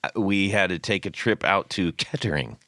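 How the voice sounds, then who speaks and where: A man hosting a casual podcast, telling trip stories in an animated way with frequent laughs. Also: deep voice, normal speed, no echo, clean studio sound. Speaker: podcast host.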